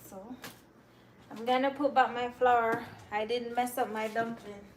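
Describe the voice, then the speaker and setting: A young Jamaican woman with a Jamaican accent chats casually with viewers on her cooking livestream, answering their comments. Her voice is on the high side, unhurried and fairly even, with slight background noise.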